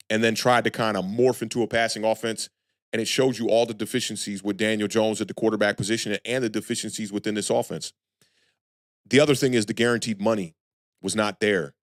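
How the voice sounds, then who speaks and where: Low-voiced man hosting a sports livestream. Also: no room sound, studio quality. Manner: conversational, loose and frank, shouts out viewers. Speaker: sports channel host. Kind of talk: live-stream sports talk reading chat.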